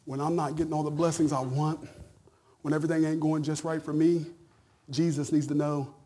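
A middle-aged male pastor with a husky voice that sits a little high. His folksy sermon starts conversational, with stammered repeats, and swells to loud shouting peaks. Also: level tone, fairly quick.

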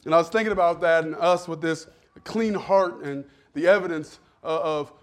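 A man's voice: on the high side, moderate pace. A male pastor giving a sermon with humorous, self-deprecating stories.

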